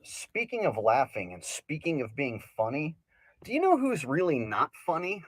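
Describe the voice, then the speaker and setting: A man performing as a crude male stand-up comic in a recorded bit, swearing, mocking and building up to shouts. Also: a little high, huge pitch swings, normal speed, no room sound, poor audio. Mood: mock-earnest. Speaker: stand-up comedian.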